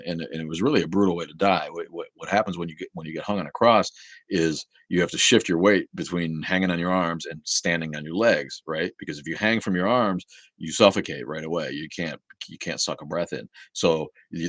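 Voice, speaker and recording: A man's voice: low-pitched, fairly quick, slightly rough, dry recording, clean studio sound. A man hosting a casual livestream, reading out viewer comments and answering them with sarcastic, profane rants full of restarts.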